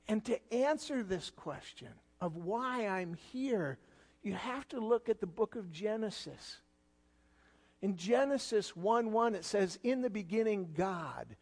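A man preaching a sermon as a guest pastor, swinging between loud rising questions and quiet, low passages. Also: animated, measured pace, long reverb tail. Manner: preaching with sudden loud rises and quiet drops.

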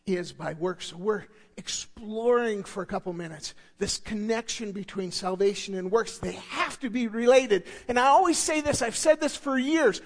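A man preaching a sermon as a pastor. He is emphatic, drops to hushed asides, builds to shouted points and repeats key words for effect. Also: extremely high pitch. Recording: long reverb of a large hall.

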